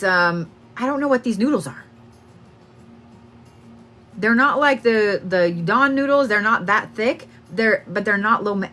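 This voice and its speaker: A woman's voice: medium pitch, pushed and bright. A young woman giving a casual psychic reading, laughing often and swearing freely. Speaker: psychic medium. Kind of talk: live-stream reading.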